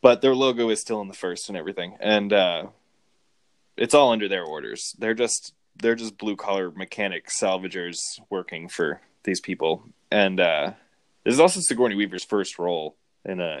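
Man, low voice, dry sound, casual movie talk, rambling with fillers. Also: moderate pace, no echo. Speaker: film podcast co-host.

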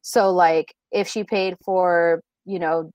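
A woman's voice: on the low side, steady tone, slow, smooth, no echo, dull audio. A young woman co-hosting a podcast, telling a work story in a rambling way full of filler words, recorded remotely. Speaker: podcast co-host. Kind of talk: casual storytelling. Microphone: remote recording at home.

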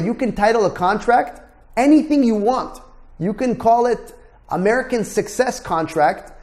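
A man's voice: high-pitched, darkish tone. Blunt, emphatic male real estate instructor. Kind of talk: lecture to students.

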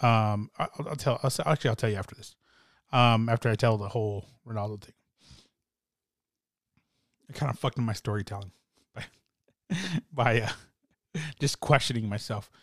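A young man talking in a rambling, excitable way with many fillers and restarts, as in casual chat. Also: fairly low pitch, moderate pace, long pauses, no echo, studio quality. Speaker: soccer fan podcaster.

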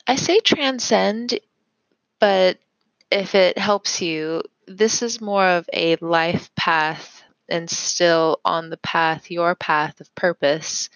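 A woman hosting a podcast, doing a casual tarot reading in a reflective manner with pauses and fillers. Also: lowish voice, a bit bright, no room sound, poor audio. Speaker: tarot reader and podcast host.

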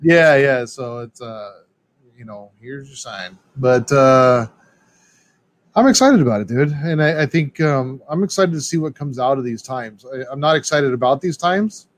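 An excitable man rambling through a casual podcast chat, stumbling over restarts and calling everyone dude. His voice is mid-pitched and easygoing. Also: moderate pace, no room sound.

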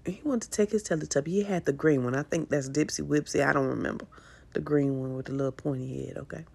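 A middle-aged woman talks casually to her podcast listeners, her voice low-set and full of vocal fry. She is encouraging and affectionate, calling listeners honey and coming back to the same reassuring phrases again and again. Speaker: podcast host. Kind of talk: casual motivational talk.

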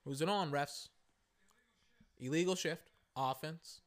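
A man reacts live to a football game in a relaxed, rambling way, getting excited as he calls out the plays. His pitch is fairly high and his delivery slow.

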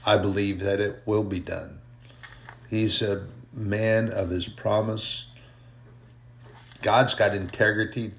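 A male preacher delivering a fervent podcast sermon, hammering home his points by repeating them. His voice is low, and he talks slowly and deliberately. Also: flat delivery, slight background noise. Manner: fervent, repetitive emphasis.

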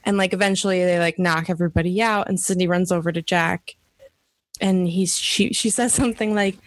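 A woman's voice: fairly low pitch, fairly even intonation, brisk, dry recording. Giggly woman recapping a TV show. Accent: strong regional American accent. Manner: giggly, chatty, self-interrupting. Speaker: podcast co-host. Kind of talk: casual chat, recapping a TV episode.

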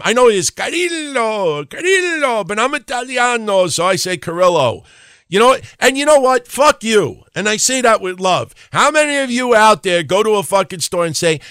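A man hosting a solo wrestling podcast, ranting in an animated, profane way at a desk microphone and mocking people in put-on voices. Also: a little high, no room sound, clean studio sound. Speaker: podcast host.

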